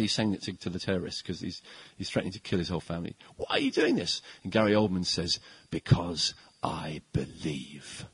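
A middle-aged man preaching a conversational sermon, emphatic and animated, with frequent hesitations. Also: fairly low pitch, breathy edge, dry recording, poor audio.

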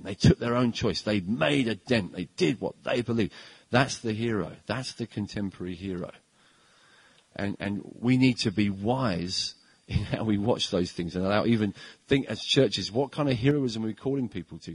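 A middle-aged man preaching a conversational sermon, emphatic and animated, with frequent hesitations. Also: fairly low pitch, moderate pace, slightly rough, no room sound, low-quality recording.

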